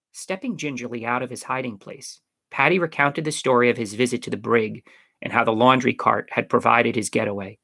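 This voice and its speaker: Male audiobook narrator, gravelly, bright, expressive. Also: mid-range voice, a little fast, dry recording, studio quality. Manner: expressive storytelling. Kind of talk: audiobook reading.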